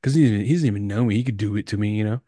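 A man's voice: lowish voice, rapid-fire, dark tone, dry recording. A man in casual podcast chat, laid-back and saying "bro" and "dude" a lot.

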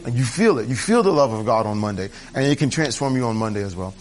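A man's voice: mid-range voice, animated, fast. A man preaching a conversational sermon to his church, candid and chatty, drifting into asides and restarting his sentences. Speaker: pastor. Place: church service.

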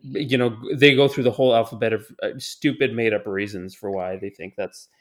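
A man's voice: on the low side, fairly even intonation, fairly quick. A young man co-hosting a podcast from home over a remote call, chatting casually in a dry, sarcastic way. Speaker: podcast co-host. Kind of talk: casual chat.

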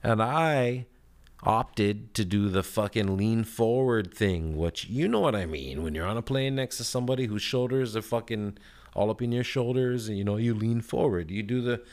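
A man with a fairly low voice hosts a casual podcast. He tells stories in a heated, rambling rant full of swearing, and his pitch and loudness jump around as he talks. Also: moderate pace. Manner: lively swings in pitch and loudness. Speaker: podcast host.

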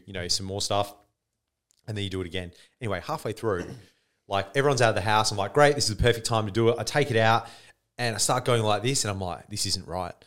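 A man co-hosting a podcast, telling stories in a casual chat, laughing a lot and saying "mate" constantly. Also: on the low side. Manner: laughs a lot, tells stories, says mate all the time. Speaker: podcast co-host. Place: studio.

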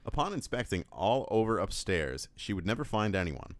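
A man's voice: lowish voice, big pitch swings, normal speed, dry recording. A man co-hosting a casual podcast, reading listener emails aloud in a dry, playful way. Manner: dry, playful delivery with frequent laughs.

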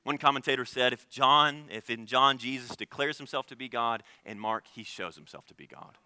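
A man preaching a sermon as pastor, earnest, swinging between loud emphasis and hushed, quiet lines. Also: medium pitch, normal speed, clear, resonant tone, dry recording.

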